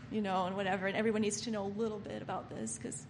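A woman preaching a sermon, impassioned and emphatic, sometimes dropping to soft murmurs and sometimes mocking people by acting out their inner voices. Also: mid-range voice, steady tone, a little fast. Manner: impassioned, swinging between soft murmurs and loud emphatic lines. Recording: reverberant hall with faint background noise.

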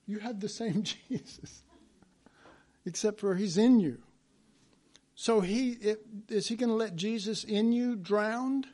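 A man's voice: high voice, takes it slowly, pauses often, darkish tone. A man preaching a sermon in a conversational way, acting out biblical quotes as he goes.

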